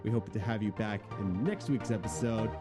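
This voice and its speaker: A man's voice: lowish voice, a little fast, loud music behind the voice. A young adult man co-hosting a podcast in casual, rambling chat, with a jokey, self-mocking way of talking. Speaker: podcast co-host.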